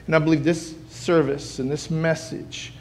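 A man preaching a sermon as pastor, moving from soft pleading to loud shouting and repeating phrases for emphasis. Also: a little high, level tone, moderate pace, slight background noise. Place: church sanctuary.

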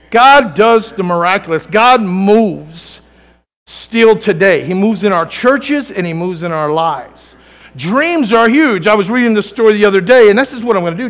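A man's voice: high-pitched, a bit bright. A man preaching a sermon as pastor in a church, telling stories and calling on the congregation for an amen. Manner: call-and-response preaching, often asking the congregation for an amen; storytelling with rising emphatic peaks.

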